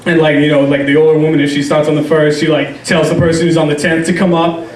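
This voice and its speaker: A man's voice: a little high, level tone, quick pace. A young man doing a stand-up comedy set on a club stage, rambling and self-deprecating, with lots of fillers. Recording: roomy club, distant mic.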